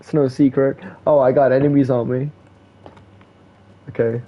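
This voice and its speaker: A man's voice: mid-range voice, level tone, normal speed. A young man from India chatting casually while streaming a game, slangy, joking and profane, full of "like" and "bro". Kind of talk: casual gaming stream chat. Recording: dull lo-fi stream audio.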